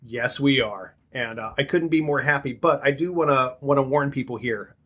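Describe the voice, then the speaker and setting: A man's voice: mid-range voice, moderate pace, pushed and bright. A man co-hosting a podcast, chatty and joking in casual talk. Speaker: podcast co-host. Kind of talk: casual chat.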